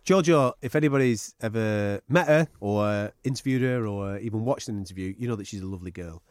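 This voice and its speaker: A man co-hosting a podcast, chatting casually in an animated, playful way with plenty of swearing. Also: fairly low pitch, fairly quick, clean tone, no echo, studio quality. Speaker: podcast co-host. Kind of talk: casual chat.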